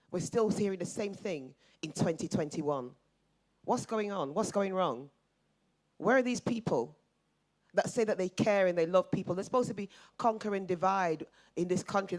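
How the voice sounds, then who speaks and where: Impassioned middle-aged woman speaking out. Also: mid-range voice. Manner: forceful, emphatic, repeats her points. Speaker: audience member. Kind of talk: impassioned public comment.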